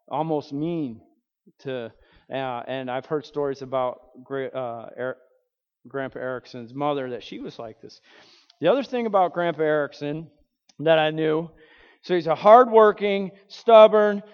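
A man's voice: mid-range voice, clean tone. A man preaching in a conversational way, telling a family story and acting out the people in it. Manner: conversational, acts out quoted voices. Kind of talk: storytelling sermon. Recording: dull sound with long hall reverb.

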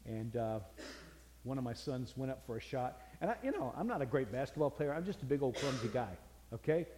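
A man's voice: mid-range voice, expressive, fairly quick, dark tone. Folksy older male preacher in a hall. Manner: folksy storytelling, earnest. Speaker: pastor. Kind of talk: sermon.

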